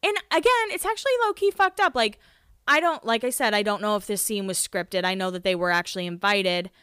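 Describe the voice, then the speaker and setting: A woman's voice: mid-range voice, animated, brisk, fairly bright tone, smooth, no room sound, studio quality. A woman hosting a podcast, recapping in casual chat, rambling, swearing and laughing at herself. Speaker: podcast host.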